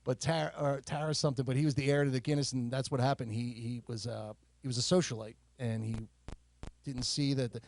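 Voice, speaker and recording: A man co-hosting a casual podcast, chatty and jokey, sharing trivia in a relaxed way. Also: mid-range voice, brisk, vocal fry, no room sound. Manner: chatty, jokey, shares trivia, frequent fillers. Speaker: podcast co-host. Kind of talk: casual chat.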